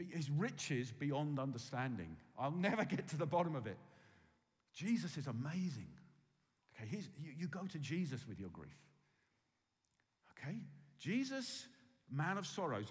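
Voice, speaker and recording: A man preaching a sermon, swinging from loud emphasis to hushed, quiet tones. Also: fairly high pitch. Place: church hall with long reverb. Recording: reverberant hall.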